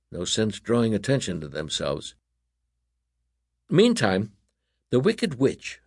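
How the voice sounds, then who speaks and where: A man reading a children's story aloud as narrator, in an animated, expressive way. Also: mid-range voice, no echo, clean studio sound.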